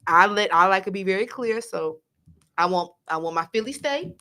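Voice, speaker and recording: Woman co-host, lively swings in pitch, chatty and rambling. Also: normal speed. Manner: animated, chatty, restarts a lot. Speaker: podcast co-host. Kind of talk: casual chat.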